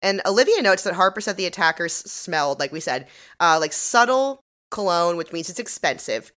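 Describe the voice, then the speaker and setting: A woman's voice: fairly low pitch, sing-song, normal speed, a bit bright. A woman co-hosting a podcast, recapping an episode in casual chat, sarcastic and swearing freely. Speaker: podcast co-host.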